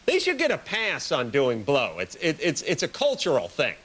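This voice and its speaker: Brief: male talk-show host, higher voice, dry sarcastic comic rambles. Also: normal speed, slightly rough. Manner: sarcastic, rambling, deadpan jokes. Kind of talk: comic monologue.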